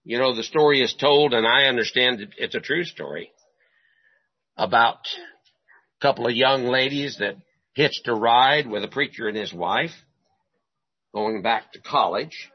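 A man's voice: mid-range voice, measured pace, pauses often, breathy edge, lo-fi sound. A man preaching a sermon who asks rhetorical questions and repeats his phrases for emphasis.

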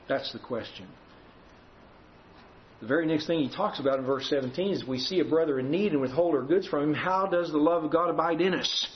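A man's voice: fairly high pitch, a little hiss or hum. A man preaching a sermon to his congregation, telling a story with acted dialogue. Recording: muffled lo-fi recording with faint room ambience.

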